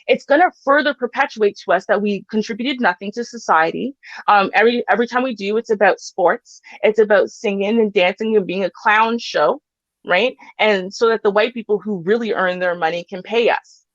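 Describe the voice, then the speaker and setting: A woman's voice: mid-range voice, brisk, dry recording. A woman arguing with passion in an online panel discussion, often tagging her points with "right?", over slightly muffled call audio. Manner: impassioned, keeps asking "right?". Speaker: podcast panelist.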